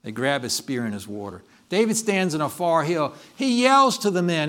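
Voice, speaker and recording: A male pastor delivering a sermon, telling a story in an animated way and often correcting himself mid-sentence. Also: on the high side, moderate pace, few pauses. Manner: animated storytelling, with frequent restarts and self-corrections.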